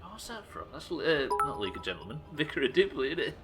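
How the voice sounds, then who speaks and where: A man streaming a game live, talking excitably, swearing often and thanking viewers as he plays. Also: on the high side, fast, loud music behind the voice. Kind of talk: live gameplay commentary.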